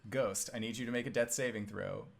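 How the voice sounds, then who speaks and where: A man's voice: fairly low pitch, creaky, a little hiss or hum. A man narrating as game master of a tabletop role-playing game. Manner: animated, quick narration with playful put-on voices.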